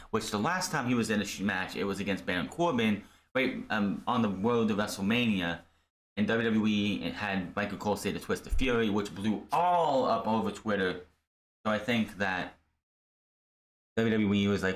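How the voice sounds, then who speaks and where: Male wrestling reviewer, lowish voice, blunt and exasperated solo rant. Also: lively intonation, moderate pace, fairly bright tone. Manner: blunt, exasperated, rambling with restarts. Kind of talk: casual solo commentary.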